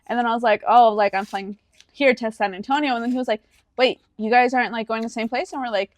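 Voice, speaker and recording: A woman's voice: on the high side, fairly even intonation, fast talker, dry recording. A woman in her twenties, co-hosting a podcast and telling a personal story animatedly, slipping into the voices of the people she quotes. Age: 20s. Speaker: podcast co-host. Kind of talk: casual chat.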